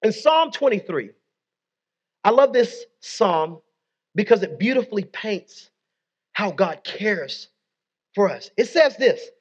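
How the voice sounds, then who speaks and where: A man's voice: high voice, sing-song, takes it slowly, pauses often, husky, highs cut off. A male pastor preaching a sermon, leading his congregation in call-and-response and dropping in folksy, conversational asides.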